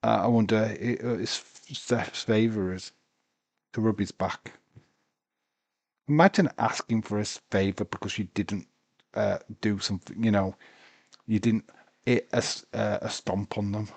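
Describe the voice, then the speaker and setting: A man's voice: lowish voice, steady tone, a little slow, vocal fry, pauses often, dry recording. A sleepy, tired man commentating a live wrestling watch-along, rambling and talking to himself. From United Kingdom.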